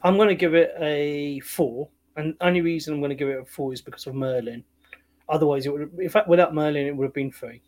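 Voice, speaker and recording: A man in a relaxed film review chat, easygoing and quick to laugh. His voice sits slightly higher than most men's. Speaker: podcast co-host.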